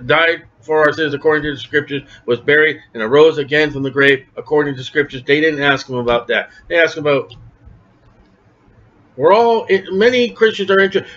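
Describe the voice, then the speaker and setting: A man with a rather high voice leads a lively verse-by-verse Bible study sermon. He talks in a conversational way and acts out the people he quotes. The recording sounds dull and lo-fi. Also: moderate pace. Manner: animated and conversational, acting out quoted speakers. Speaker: Bible teacher.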